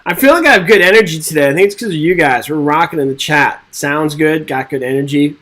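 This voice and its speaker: A man who teaches real estate exam prep talks fast in a high-leaning, slightly bright voice during a live webinar. He reads out quiz questions and jokes with viewers in an upbeat way, captured on a low-quality recording.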